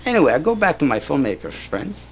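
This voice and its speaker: A man's voice: on the high side, very animated, quick pace. A man in his sixties casually telling a story about his career, reenacting conversations with "he says, I said" and peppering it with "you know" and "anyway". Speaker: filmmaker recounting his career. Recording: dull lo-fi recording with faint background noise.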